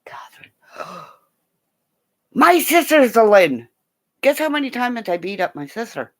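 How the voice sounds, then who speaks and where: Excitable woman streamer. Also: fairly high pitch, unhurried. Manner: excitable, gasps and laughs often, chatty. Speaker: livestream host. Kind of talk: casual live-chat stream.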